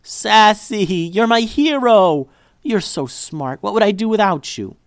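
A tearful, remorseful little girl in a storybook reading, put on by a male reader. Her voice rises higher than his own and swings widely as she pleads. The recording is dry and close. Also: animated, unhurried, clean tone, no echo. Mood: overjoyed. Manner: pleading, emotional.

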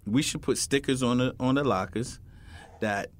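A man's voice: mid-range voice, normal speed. A man, a retired police officer, telling stories in an interview and acting out the people in them. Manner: acts out scenes in quoted voices, emphatic. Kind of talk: animated storytelling interview.

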